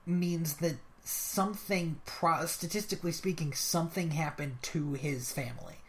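A podcast host in casual conversation, chatty and quick, often cutting in with afterthoughts. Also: medium pitch.

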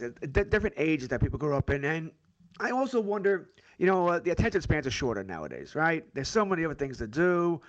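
A middle-aged man, a guest sports analyst, chatting in a quick, agreeable, reflective way. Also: mid-range voice, no room sound, dull audio. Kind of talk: casual sports talk.

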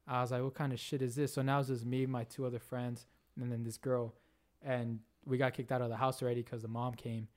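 In a medium-pitched voice that runs a little fast, this young podcast co-host recounts a party with lots of energy and profanity. He voices the other partygoers' lines himself.

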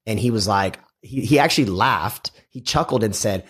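A middle-aged man with a husky, slightly rough voice chats on a podcast. He tells stories with energy, jumping into the voices of the people he quotes. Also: on the low side, unhurried. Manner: animated storyteller, acts out quoted dialogue. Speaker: guest, house flipper. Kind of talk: casual podcast interview.

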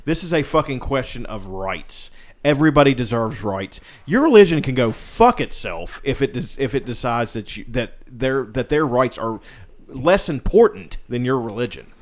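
A man's voice: medium pitch, normal speed. A man co-hosting a podcast, ranting casually and swearing a lot. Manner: profane, animated and ranting. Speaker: podcast co-host. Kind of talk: casual chat.

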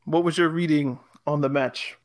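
A man hosting a casual football podcast, talking in a lively, jokey way. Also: a little high, moderate pace, no room sound. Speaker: podcast host.

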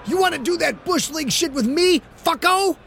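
A man's voice: high-pitched, expressive, unhurried, a little hiss or hum, voice pushed up. A man voicing a fierce, hot-headed young male quarterback who barks curt orders, in an audiobook. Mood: enraged. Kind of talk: audiobook character voice.

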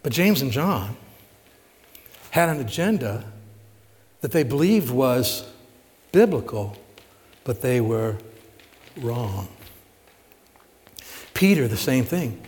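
A man's voice: mid-range voice, very animated, slow pace, long pauses, a little mellow. A male pastor giving a conversational sermon, asking the congregation rhetorical questions and retelling stories with emphasis. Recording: long hall reverb.

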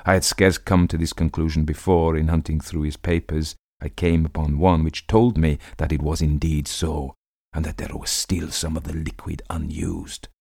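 Very deep gravelly male storyteller. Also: fairly even intonation, normal speed, darkish tone, dry recording, clean studio sound. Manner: theatrical, voices characters with rising intensity. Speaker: audiobook narrator. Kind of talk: dramatic reading of a classic tale.

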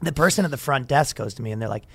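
A man's voice: medium pitch, very fast, gravelly, husky. A man co-hosting a casual comedy podcast, telling a story with lots of laughter and acted-out quotes. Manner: animated storyteller, laughs often, acts out quoted people. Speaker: podcast co-host.

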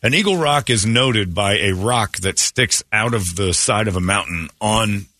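A man's voice: on the low side, expressive, measured pace, pushed and bright, no echo. A man hosting a morning radio show, ranting with sarcastic, opinionated jabs. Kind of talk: casual morning radio rant.

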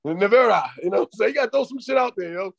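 A man co-hosting a podcast in casual chat, telling stories in a profane, animated way. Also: extremely high pitch, very fast, creaky, lo-fi sound. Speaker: podcast co-host.

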